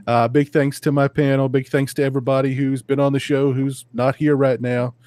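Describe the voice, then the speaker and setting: A man hosting a casual podcast panel, relaxed as he wraps up the show with thanks. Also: mid-range voice, brisk, no echo. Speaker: podcast host.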